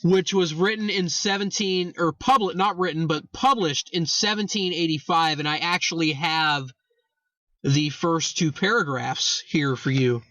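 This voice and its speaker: A man's voice: on the high side, measured pace, bright, forceful tone, no echo, muffled recording. A young man hosting a casual history talk, rambling, correcting himself and swearing for emphasis. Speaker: host.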